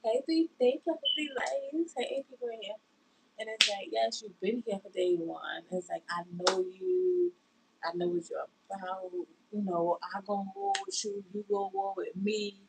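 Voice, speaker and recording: A woman on her bed hosts a casual bedroom livestream, greeting viewers and drawling on about friendship while saying "y'all" often. Her mid-range voice is animated and gravelly at normal speed, over a noisy background.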